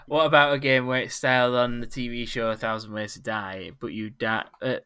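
A man reads listener comments on a podcast, giggling, joking and tripping over words. His voice is bright and mid-pitched. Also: level tone, moderate pace, clean tone. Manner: giggly, jokey, stumbles when reading. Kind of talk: casual podcast banter.

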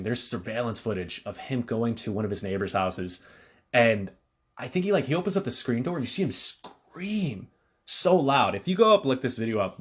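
A man hosting a solo podcast, talking casually in a rambling way with frequent fillers and restarts. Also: medium pitch. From Connecticut, USA. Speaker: podcast host.

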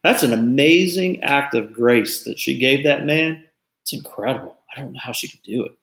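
A man's voice: medium pitch, moderate pace, fairly bright tone, roomy sound. A man in his forties hosting a talk show, speaking earnestly and reflectively in casual commentary. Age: 40s.

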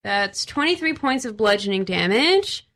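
A woman game master narrates a tabletop game in a loose, chatty way, with plenty of fillers and giggles. Her voice is bright and crisp, and her pitch sits in the middle range. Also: big pitch swings, moderate pace. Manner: casual, giggly, full of fillers.

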